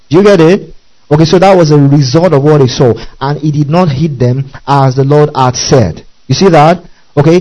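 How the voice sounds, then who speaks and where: A man's voice: on the high side, darkish tone, rough recording. A man preaching a Bible-study sermon, repeating key words, spelling out Greek terms and often checking in with his listeners.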